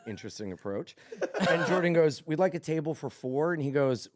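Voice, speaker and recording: A comedian telling a comic story in a lively way, acting out the voices and laughing as he goes. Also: on the high side, normal speed. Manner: animated, acts out voices, laughs mid-story. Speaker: comedian guest.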